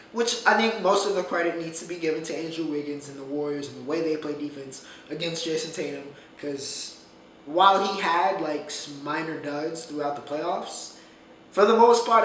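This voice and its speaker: Animated man podcasting in an echoey room. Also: fairly high pitch, distant mic. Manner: animated, emphatic, repeats phrases for effect. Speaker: podcast host. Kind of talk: casual solo commentary. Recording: echoey room, off-mic, faint noise.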